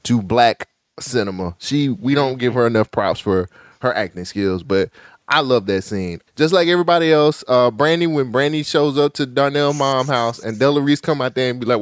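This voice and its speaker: A man hosting a podcast, retelling film scenes in a lively, laughing casual chat. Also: medium pitch, moderate pace, no room sound, studio quality. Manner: animated storytelling, laughing. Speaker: podcast host.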